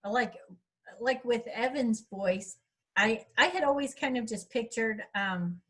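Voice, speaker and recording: A woman's voice: on the high side, slow pace, slightly rough, rough recording. Chatty woman. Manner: chatty, rambling storyteller. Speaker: author speaking at a writers' workshop. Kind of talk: casual chat.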